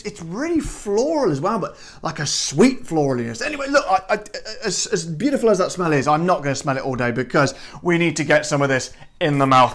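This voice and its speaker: High-voiced, excitable man reviewing gin. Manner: exuberant, exclamatory, rambling with restarts. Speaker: gin reviewer, show host. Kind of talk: casual tasting review to camera.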